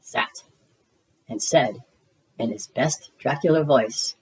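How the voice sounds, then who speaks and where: A reader narrating children's picture books aloud in a lively storybook manner. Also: medium pitch, low-quality recording. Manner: slow, lively storybook reading.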